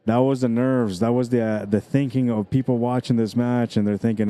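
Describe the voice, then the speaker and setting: A man commentating a pool match on a live stream, explaining shot angles and easily excited by big shots. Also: medium pitch, a little fast, few pauses. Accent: Canadian. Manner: excitable, breaks into screams and laughs at exciting shots.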